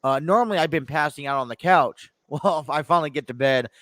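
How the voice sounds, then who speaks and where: A man's voice: a little high, fairly quick, fairly bright tone, no echo. A man hosting his own sports talk podcast from a home studio, chatting casually with many fillers and restarts, a bit stuffy. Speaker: podcast host. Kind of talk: casual chat.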